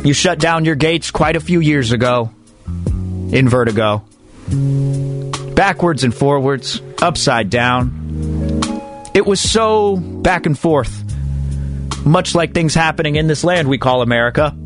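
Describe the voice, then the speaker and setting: A man's voice: fairly high pitch, a little slow, pauses often, music in the background. A man hosting a sports radio show, talking in a comic, mock-dramatic way. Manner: animated, mock-dramatic, comic slam-poetry delivery.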